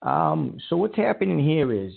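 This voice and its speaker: A man hosting a call-in show, his voice sitting a little high and gravelly. He rambles and keeps restarting his sentences. The whole thing sounds tinny, like a phone line. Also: sing-song, normal speed.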